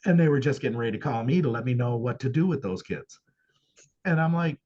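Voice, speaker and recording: A man's voice: medium pitch, lively intonation, fast talker, a little mellow, slightly rough, lo-fi sound. A man who owns a paranormal venue, speaking as a guest in a casual interview and telling his experiences earnestly and emphatically.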